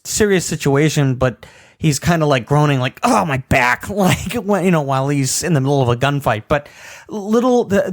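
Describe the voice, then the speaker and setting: Lively higher-voiced man chatting about games. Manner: animated, retells game scenes with put-on voices and laughs. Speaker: podcast co-host. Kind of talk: casual chat about video games.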